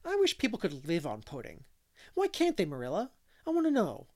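A man's voice: high voice, huge pitch swings, brisk, darkish tone, pitched above the performer's own voice, heavily acted. A man voicing a chatty, mischievous little boy who rambles and keeps asking questions. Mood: eager.

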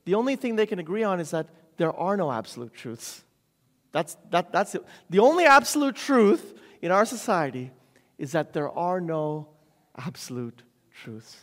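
A man preaching a sermon as a pastor. He asks the congregation rhetorical questions, often adds "right?", and repeats key phrases for emphasis. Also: high voice. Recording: long hall reverb.

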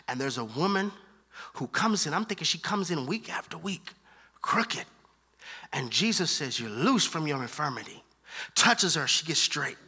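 A man preaching a sermon, animated, moving from hushed asides to loud emphatic lines and using casual slang. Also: on the high side, slightly rough.

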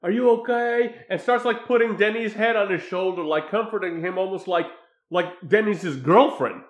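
A man casually recapping a film's plot, animated, often acting out quoted lines. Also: high voice, normal speed, echoey room. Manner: animated retelling with acted quotes. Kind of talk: casual film recap chat.

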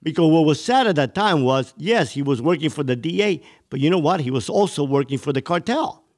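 A man's voice: a little high, expressive, a little fast, darkish tone. A man from Cuba telling his life story as an interview guest, intense and vivid.

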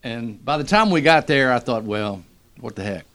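A middle-aged man, a radio morning show host, telling a story in a lively, animated way. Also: medium pitch, normal speed. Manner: animated storyteller, acts out quotes. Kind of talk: casual storytelling.

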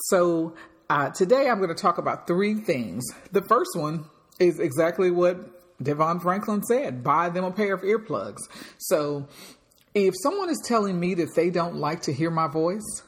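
A woman with a low voice hosts her own motivational podcast. She talks straight to her listeners and projects her voice, leaning hard on the words that matter. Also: lively intonation, a little slow. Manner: emphatic, projecting. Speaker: podcast host.

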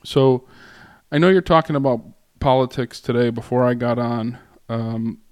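A man speaking as a guest lecturer to a class, in a relaxed way with many fillers, pauses and restarts. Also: medium pitch, clear, resonant tone, no echo. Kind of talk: casual classroom talk.

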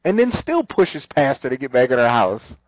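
A man chatting casually as a co-host, his pitch leaping around as he retells an episode and slips into quoted lines. The sound is dry and close, with a slightly dull, muffled tone. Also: normal speed, no room sound. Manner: animated retelling, acts out quotes. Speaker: podcast co-host. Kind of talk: casual recap chat.

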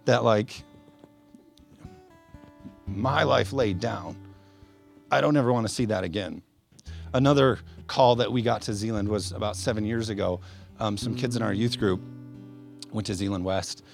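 A man's voice: fairly low pitch, moderate pace, gravelly. A man preaching a sermon as pastor in a church service, speaking earnestly and with passion, with many fillers and restarts. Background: soft guitar playing.

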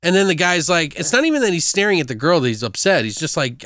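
Animated man with a very dry voice. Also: a little high, fast, no room sound. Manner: animated, swearing, laughing storyteller. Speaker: podcast co-host. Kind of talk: casual movie recap chat.

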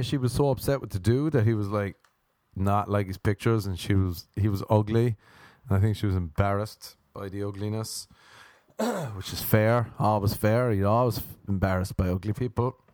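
Low-voiced Irish man telling comic stories. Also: moderate pace, darkish tone, dry recording, studio quality. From Ireland. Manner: profane, rambling storyteller. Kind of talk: comic monologue.

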